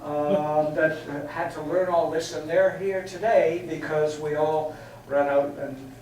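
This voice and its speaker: An older man from England gives a chatty, anecdotal talk, his voice sitting a little high for a man. He is picked up from a distance in a very echoey hall, with a faint hiss of noise underneath. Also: steady tone, takes it slowly, darkish tone. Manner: anecdotal, chatty, laughs at his own stories. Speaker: guest speaker. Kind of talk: storytelling talk. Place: meeting hall.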